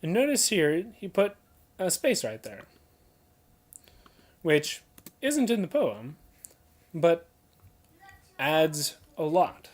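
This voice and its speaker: A young adult explaining how to read poetry aloud, pointing out pauses and emphasis as clips play. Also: medium pitch, big pitch swings. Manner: points out details, emphasizes and repeats examples. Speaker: teacher explaining poetry reading. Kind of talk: casual spoken lesson.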